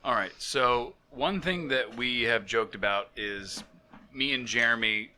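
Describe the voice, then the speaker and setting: A man's voice: mid-range voice, measured pace, pushed and bright, a little hiss or hum. A man co-hosting a podcast in casual chat, joking and laughing as he tells stories. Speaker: podcast co-host. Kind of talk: casual chat and reading a mock news story. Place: living in Florida.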